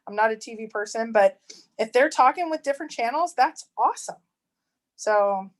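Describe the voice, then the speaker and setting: A woman co-hosting a casual livestream chat, rambling with restarts and quick to laugh. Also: on the high side, animated. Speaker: treasure hunt channel co-host.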